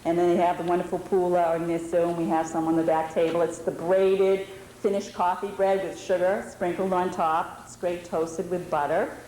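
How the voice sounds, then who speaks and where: With little pitch movement, a lowish, warm voice, and a moderate pace, a New England woman in her forties explains her topic to a historical society audience. Her talk is informal and conversational with fillers, recorded in an indoor lodge meeting hall that sounds roomy, with faint background noise.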